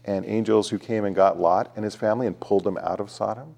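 A man hosts a conversational talk show with a very deep voice and a lot of vocal fry. He explains things calmly and patiently, like a teacher. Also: fast. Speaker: host.

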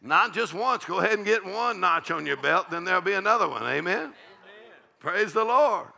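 A man's voice: high voice, expressive, normal speed, gravelly, bright, forceful tone. An older man, a pastor preaching an evening sermon in a folksy, joking, call-and-response way.

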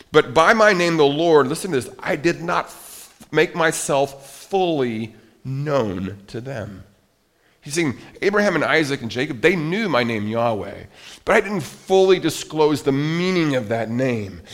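Man preaching with dramatic swings in volume. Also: fairly high pitch. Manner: expressive, swings between loud emphasis and quiet, drawn-out phrases; frequent self-corrections and restarts while reading scripture. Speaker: pastor. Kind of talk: sermon.

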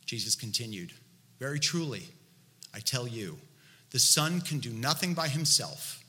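A man preaching a sermon in an animated, conversational way, asking the listeners many rhetorical questions. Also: mid-range voice, unhurried, in a large hall. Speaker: pastor.

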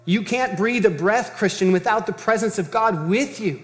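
A man's voice: sits high, normal speed, fairly bright tone, big-room sound. A man preaching a sermon as pastor, earnest and emphatic, talking in a conversational way and repeating phrases for stress.

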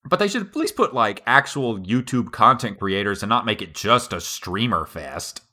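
A man co-hosting a casual podcast chat, animated and excitable, swearing freely. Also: lowish voice, moderate pace. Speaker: podcast co-host.

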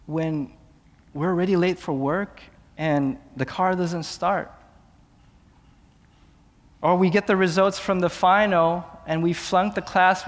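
A man preaching a sermon as pastor, moving between hushed, slow passages and raised, urgent questions. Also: sits high, in a large hall.

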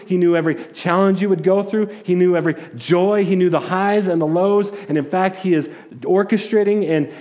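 A pastor with a fairly high, darkish voice preaches a sermon in a conversational, storytelling manner. He often restarts his words and acts out the voices in quotes.

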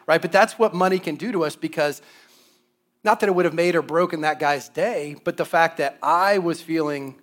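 A man in his thirties giving a sermon on money, with animated storytelling and playful asides. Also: a little high, a little fast. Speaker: guest preacher on finances.

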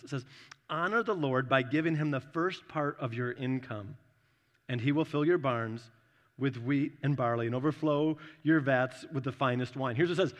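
A pastor preaches a sermon conversationally, acting out little voices as he tells his stories. His voice is fairly high and a bit bright, with long hall reverb on the recording.

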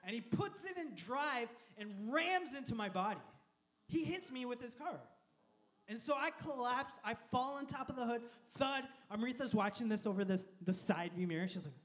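A man in his thirties, a pastor preaching a sermon, telling a story with animated energy and frequent laughter. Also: very high voice, normal speed. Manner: animated storyteller, laughs often, shouts quoted lines.

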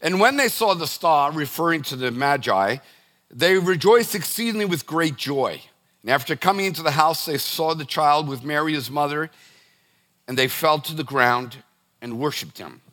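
A man's voice: on the high side, normal speed, pushed and bright. A middle-aged man preaching a sermon to his congregation in a loose, conversational way, with frequent restarts and direct asides. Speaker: pastor.

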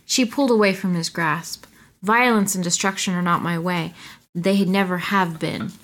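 A woman reading a science-fiction story aloud with a friend, taking the wife's lines and breaking in with playful questions. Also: fairly low pitch. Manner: playful, asks questions, reads her part slowly. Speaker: co-reader of a story. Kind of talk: casual reading aloud with banter.

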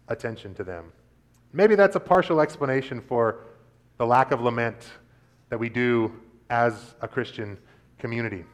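A man preaching a sermon in an earnest way, reading scripture aloud with rising intensity and letting phrases trail off softly. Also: medium pitch. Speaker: pastor.

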